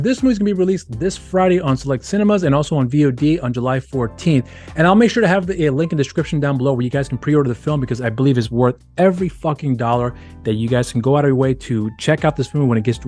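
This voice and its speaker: A man's voice: mid-range voice, a little mellow. A man hosting his own channel, giving a casual, rambling film review with many restarts and fillers. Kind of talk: casual movie review monologue.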